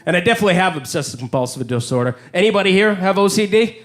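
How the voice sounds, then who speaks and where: A man's voice: high-pitched, animated, rapid-fire, noisy background. A man from Canada doing a self-deprecating, confessional stand-up set on a comedy club stage.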